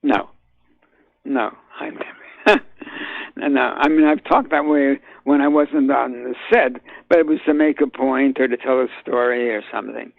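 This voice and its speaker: An older man speaks over a tinny phone line as a radio guest. His voice is gravelly, and he talks haltingly, circling back with fillers and restarts before he lands his point. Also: medium pitch, steady tone, no echo. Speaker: guest actor. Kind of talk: phone interview.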